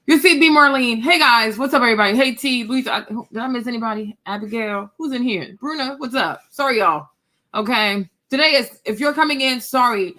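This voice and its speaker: High bright-voiced woman, blunt live host. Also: fairly quick. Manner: blunt, opinionated, talks straight to viewers. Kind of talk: casual live stream commentary.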